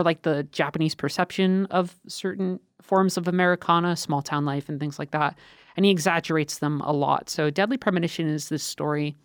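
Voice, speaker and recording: Low-pitched woman, dry close sound, lively storyteller who swears casually; podcast guest. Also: no echo. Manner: animated,喜 swearing freely, storytelling. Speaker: podcast guest, games writer.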